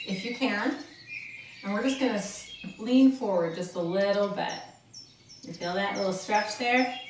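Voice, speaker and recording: A woman instructor guiding a seated exercise class, with slow, step-by-step encouraging cues. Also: mid-range voice. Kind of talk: guided seated workout instruction. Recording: roomy sound from a distance, faint noise.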